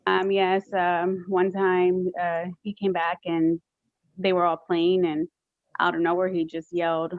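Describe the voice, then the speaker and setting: Woman on the witness stand, low voice, hesitant with fillers, dull lo-fi court audio, dry sound. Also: little pitch movement, a little slow, no echo. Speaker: witness, respondent mother. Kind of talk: courtroom testimony.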